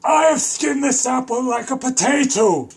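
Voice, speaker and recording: A young man goofing around alone on a live stream, rambling slowly and breaking into sudden shouts. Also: extremely high pitch, animated, creaky, slight background noise. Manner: silly, rambling, slow and drawn out with sudden shouts. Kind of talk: goofy solo live stream.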